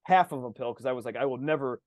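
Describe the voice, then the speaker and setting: A man in his thirties hosting a podcast, telling a personal story in casual, animated chat, swearing and acting out the dialogue. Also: mid-range voice, fast talker, no echo, studio quality. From Indianapolis. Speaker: podcast host.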